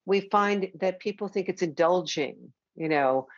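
A woman hosting a conversation, talking warmly and reassuringly about her teaching. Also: lowish voice, unhurried, no room sound. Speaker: host and teacher. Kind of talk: conversational interview. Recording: dull lo-fi dry sound.

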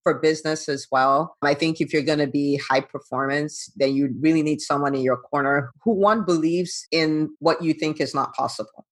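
A woman's voice: low voice, steady tone, normal speed, few pauses. A woman hosting a podcast as a business coach, talking in an upbeat, encouraging way and laughing often. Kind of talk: casual interview chat.

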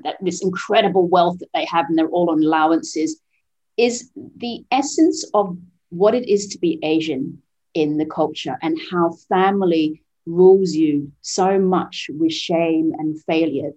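A woman's voice: fairly low pitch, darkish tone, lo-fi sound. A woman of Vietnamese heritage raised in the West, speaking earnestly and reflectively as a podcast guest, with frequent fillers and restarts. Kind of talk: conversational interview.

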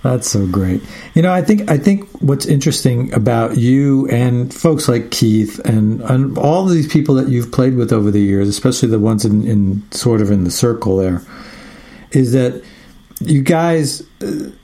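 A man's voice: medium pitch, animated, normal speed, dark tone. A male radio show host interviewing a guest, mostly offering short affirmations and posing thoughtful questions.

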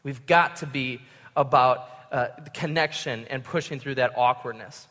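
A man's voice: mid-range voice, moderate pace, bright, forceful tone. Young guy preaching, casual and self-deprecating, voice bouncing round a big church room. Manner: conversational, self-mocking storytelling. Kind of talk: sermon. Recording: long hall reverb.

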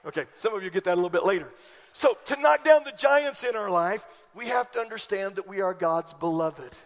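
In a large church sanctuary whose long reverb colors the recording, a notably high-voiced pastor delivers an animated sermon a little fast. Emphatic, rising bursts drive each point home.

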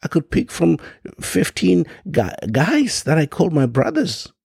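A man's voice: a little high, wildly swooping pitch, unhurried, gravelly, a little mellow, slightly rough, dry recording, studio quality. A man from Africa giving an impassioned monologue, firing off rhetorical questions and stumbling over frequent restarts. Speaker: podcast host.

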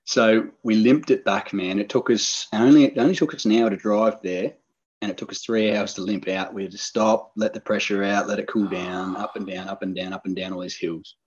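An Australian man tells his story in a relaxed, rambling way, full of fillers and restarts. His voice sits low and a touch husky. The recording is dull and lo-fi. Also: brisk. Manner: rambling, laid-back, many fillers and restarts. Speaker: podcast guest, hunter. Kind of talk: casual storytelling.

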